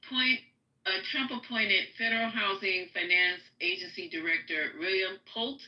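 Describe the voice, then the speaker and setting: A woman hosting a live stream, reading a news article aloud with halting fillers in a casual way. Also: mid-range voice, bright, forceful tone, reverberant, low-quality recording. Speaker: livestream host.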